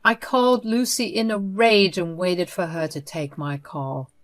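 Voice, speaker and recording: A woman narrating a first-person story in an even, steady reading voice. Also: lowish voice, unhurried.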